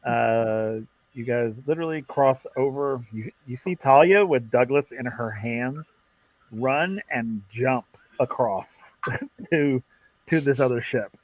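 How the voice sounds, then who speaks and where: A man's voice: mid-range voice, takes it slowly, no echo. A man running a tabletop game as game master, narrating casually with lots of fillers. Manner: relaxed, with many fillers and laughs. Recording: dull dry lo-fi mic.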